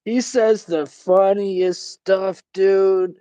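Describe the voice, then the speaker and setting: A man's voice: high voice, steady tone, extremely slow, dark tone, clear, resonant tone, no room sound. A man hosting a casual chat, laid-back, swearing freely and laughing often. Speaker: host.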